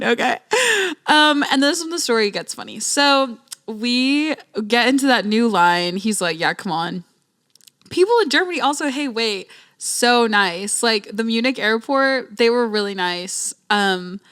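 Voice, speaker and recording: A young woman hosting a podcast, telling a travel story in a chatty, slangy, animated way. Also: on the high side. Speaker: podcast host. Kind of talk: casual storytelling.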